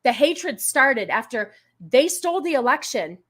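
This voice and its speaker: A woman hosts a casual political commentary live stream, arguing back at chat in exasperation and thanking donors. Her high voice is very animated, a bit bright, and a little slow.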